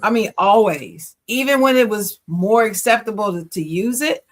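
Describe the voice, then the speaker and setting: A woman co-hosting a podcast in casual chat, opinionated and quick to laugh. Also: medium pitch, animated. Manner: opinionated, chatty, laughs easily. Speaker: podcast co-host.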